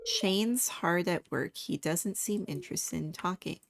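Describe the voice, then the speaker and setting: A young woman giving relaxed, chatty commentary while playing a farming game. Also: on the low side, a little slow, creaky, no room sound. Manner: relaxed, chatty, giggly asides. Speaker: gaming video host. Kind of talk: casual gameplay commentary.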